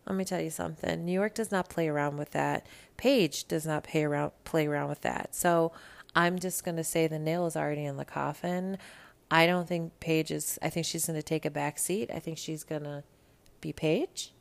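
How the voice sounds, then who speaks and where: Low gravelly-voiced woman recapping reality TV. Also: fairly even intonation, normal speed. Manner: blunt, gossipy, swears freely. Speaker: podcast host. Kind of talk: casual reality TV recap monologue.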